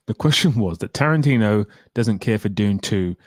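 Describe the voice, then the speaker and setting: A man's voice: lowish voice, lively intonation, measured pace, a little mellow, no room sound, clean studio sound. Opinionated young man on a livestream. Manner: opinionated, chatty, reads out chat comments. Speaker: livestream host answering viewer questions. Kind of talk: casual live stream chat.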